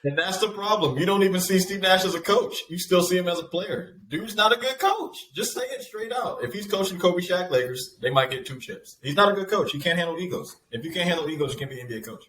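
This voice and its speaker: A man's voice: high-pitched, animated, quick pace, hardly any pauses, pushed and bright. A man co-hosting a sports podcast and speaking bluntly in a slangy, dismissive way. His voice rings in an echoey room, with a faint hiss underneath. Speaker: podcast co-host. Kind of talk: casual sports debate.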